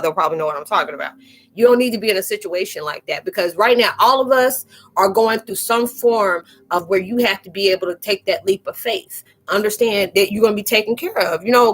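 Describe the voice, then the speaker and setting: A woman hosting a casual live-stream spiritual chat, talking in a slangy, animated way and laughing often. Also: medium pitch. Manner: chatty and animated, laughing and acting out quoted exchanges; slangy, informal phrasing.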